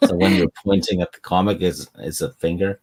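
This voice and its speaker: Deep-voiced dry Norwegian man. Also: breathy edge. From Norway. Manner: dry, halting, deadpan jokes. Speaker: co-host. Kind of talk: casual chat.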